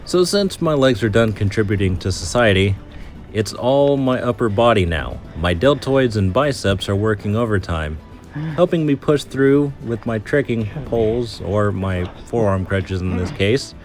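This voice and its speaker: A man's voice: on the low side, animated, moderate pace, faint music behind. A man hosting a hiking vlog outdoors, chatty and joking, out of breath as he narrates. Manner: chatty, joking, explains his muscles in plain terms. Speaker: vlog host. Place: outdoor park trail.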